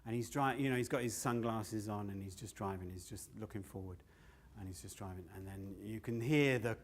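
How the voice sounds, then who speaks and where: A man's voice: lowish voice, a little fast. Man telling a rambling stand-up story. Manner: swearing, rambling, breaks into laughter. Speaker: stand-up comedian.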